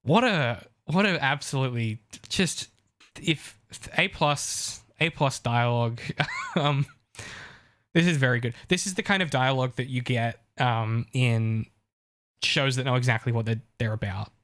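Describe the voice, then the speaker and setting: A man's voice: medium pitch, unhurried, fairly bright tone. Enthusiastic male podcast co-host. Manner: enthusiastic, lots of restarts. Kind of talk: casual analytical chat.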